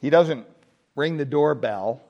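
High-voiced, animated male preacher. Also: slow, highs cut off. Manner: animated, humorous, rhetorical questions. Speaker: pastor. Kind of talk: sermon.

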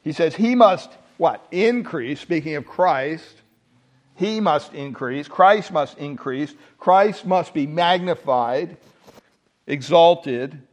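A male pastor delivers a sermon, his voice sitting a little higher than most men's. He leans hard on key words and keeps asking the congregation questions. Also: slow pace. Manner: emphatic preaching, rhetorical questions to the congregation.

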